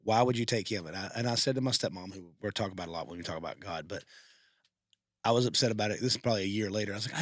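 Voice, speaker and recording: A man with a somewhat low voice talks quickly through an emotional personal story, stumbling and restarting as he goes. The sound is dry and close, with no room echo. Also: fairly bright tone. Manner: emotional, heartfelt, rambling with restarts. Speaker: podcast co-host. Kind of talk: casual storytelling.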